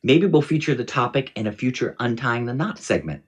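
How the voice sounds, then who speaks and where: A man co-hosting a podcast, calm and measured in casual chat as he walks through an episode recap. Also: mid-range voice, slightly rough, rough recording. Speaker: podcast co-host.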